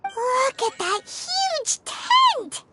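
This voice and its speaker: A woman voicing a tiny, excitable female fairy companion in a video game, who chirps and refers to herself in the third person. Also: very high-pitched, takes it slowly, heavily acted. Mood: excited. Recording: game audio with music behind.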